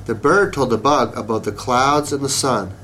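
A man reading a children's story aloud in a slow, expressive way. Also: medium pitch, slight background noise.

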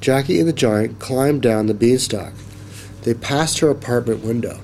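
A man reading a children's story aloud in a slow, expressive manner. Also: medium pitch, slight background noise.

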